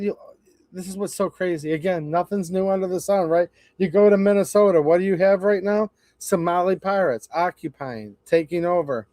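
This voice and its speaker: A man's voice: high-pitched, warm tone, dry recording. A man hosting a casual livestream, talking in a sarcastic, rambling, mocking way. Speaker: channel host.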